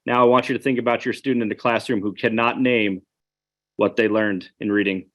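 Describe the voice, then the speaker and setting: A man's voice: lowish voice, fairly even intonation, brisk, fairly bright tone. A man giving an online webinar presentation, earnest and conversational, speaking straight to his audience.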